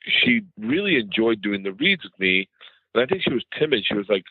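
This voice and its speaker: A middle-aged man, a comedian guest at home, telling rambling, animated stories in a casual interview. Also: lowish voice, brisk, husky, no room sound. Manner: rambling, animated storyteller who mimics others in conversation. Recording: tinny phone-like line.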